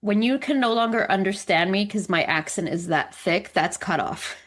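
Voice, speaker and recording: A woman's voice: medium pitch, moderate pace. A woman co-hosting a podcast, telling stories in casual chat and laughing often, with a light English accent. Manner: laughs often, animated storytelling. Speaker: podcast co-host.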